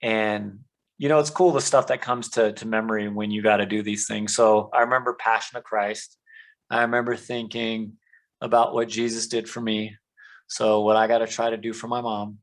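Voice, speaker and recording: A man tells his life story as a guest on a faith podcast. He speaks earnestly in a somewhat low voice and falls back on "um" and "you know" as he goes. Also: low-quality recording. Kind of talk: conversational testimony.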